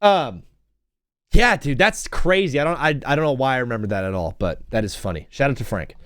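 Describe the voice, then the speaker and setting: A man's voice: medium pitch, lively intonation, brisk, a bit bright, dry recording, studio quality. A young man hosting a casual solo talk show, rambling through stories and chanting old cheers in a sing-song. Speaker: podcast host.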